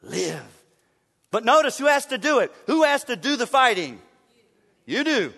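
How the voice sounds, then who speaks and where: High bright-voiced preacher in a hall. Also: male voice, very animated, normal speed. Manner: emphatic preaching with dramatic hushed drops and playful asides. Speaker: pastor. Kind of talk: sermon. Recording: long church reverb.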